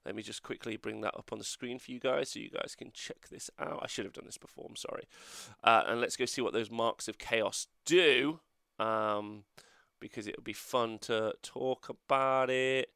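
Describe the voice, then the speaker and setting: A man's voice: mid-range voice, moderate pace, creaky, sharp tone, clean tone, dry recording, clean studio sound. A man hosting a casual livestream review, rambling and joking and swearing as he goes. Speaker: host.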